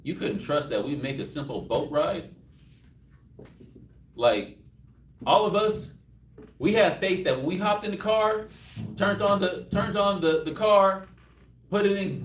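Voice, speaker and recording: A man with a Texan accent teaching a Bible class in an animated, joking way, acting out scenes as he goes. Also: sits high, normal speed. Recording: roomy, distant mic.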